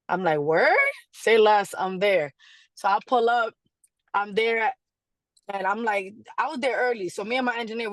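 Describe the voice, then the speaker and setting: A woman being interviewed, telling a story in a casual, animated way, acting out quotes and laughing often. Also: medium pitch, dry recording. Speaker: guest artist.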